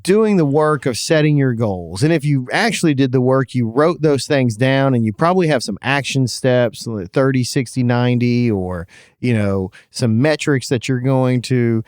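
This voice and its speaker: A man with a slight lisp co-hosts a podcast in easy, chatty talk, often laughing and stumbling over his restarts. His voice sits at a middle pitch and sounds dry and close, with no room around it. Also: normal speed, a little mellow, clean tone, no room sound. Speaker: podcast co-host. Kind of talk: casual podcast chat.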